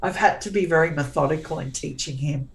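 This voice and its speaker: A middle-aged woman with a low voice, chatting as an interview guest. She is blunt and sarcastic, and she often circles back and restarts her sentences as she talks. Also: brisk, poor audio. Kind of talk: casual conversational interview.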